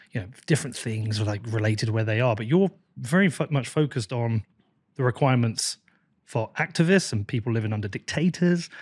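A man's voice: mid-range voice, darkish tone, dry recording. A man with a mid-range voice hosts a podcast interview, asking loose, rambling questions in a casual tone. The sound is dry and close. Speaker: podcast host. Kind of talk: conversational interview.

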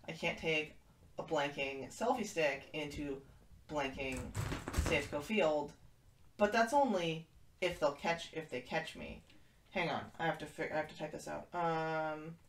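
Low-voiced woman chatting on a livestream. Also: a little slow. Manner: chatty, reads and answers chat aloud. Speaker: livestream host in a kitten room. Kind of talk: casual livestream chat. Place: kitten room, indoors. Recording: echoey room, far from the mic, noisy.

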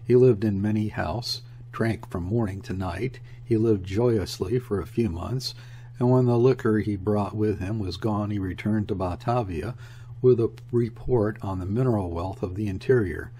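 A man voicing a weary middle-aged trader who rambles on excitably to his guests. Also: lowish voice, normal speed, slight background noise, close to an everyday voice. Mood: rambling. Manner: garrulous, excitable, jumping between topics.

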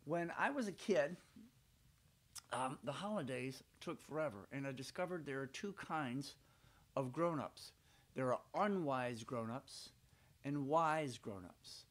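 With an animated, mid-range voice at a measured pace, an older Southern-accented man from Georgia entertains children with stories by the fire at home. The storytelling is folksy, playful, chatty, and rambling.

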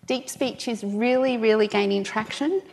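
A woman's voice: on the high side, normal speed, vocal fry, a little mellow, big-room sound. Chatty Australian woman giving a talk. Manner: chatty, jokes with the audience. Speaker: conference speaker. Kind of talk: conference talk.

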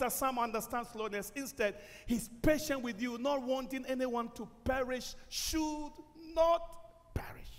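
A male pastor preaching a sermon in a church, impassioned and often shouting. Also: very high-pitched. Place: church sanctuary. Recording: long hall reverb.

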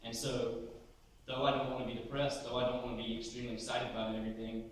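A man's voice: mid-range voice, monotone. Candid young man in an echoey hall. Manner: candid, joking, fast-talking. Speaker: student panelist. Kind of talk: lecture panel, personal stories. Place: large lecture hall. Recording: echoey hall, mic from far off.

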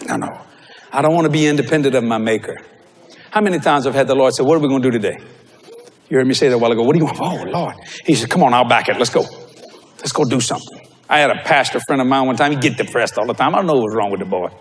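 A man preaching a sermon, telling stories with animated delivery and bursts of shouting. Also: mid-range voice, rapid-fire, a little hiss or hum. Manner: animated storytelling, breaks into shouts.

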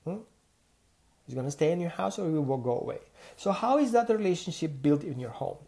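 A man from the Mediterranean, a dog trainer giving an animated teaching monologue full of rhetorical questions and acted-out dialogue. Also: fairly high pitch, fairly quick, gravelly.

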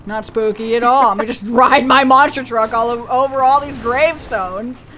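A woman chatting casually while playing a video game with a friend, excitable and quick to laugh. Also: fairly high pitch, crowd noise. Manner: excitable, laughs and yelps a lot. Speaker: gaming video creator. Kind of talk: casual gameplay chat.

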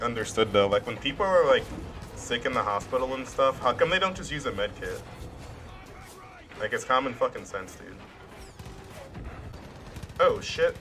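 Young dude swearing and joking thru a shooter game, bright punchy voice. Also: male voice, lowish voice. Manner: profane, sarcastic, jokey; talks to game characters. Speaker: gaming channel host. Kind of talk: casual let's play commentary.

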